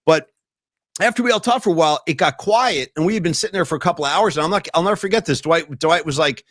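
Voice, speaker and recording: An emphatic male podcast host who tells stories with real animation and leans hard on his points. His voice sits a little high for a man, and the sound is dry and close-miked. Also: fast, dry recording. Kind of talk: casual podcast chat.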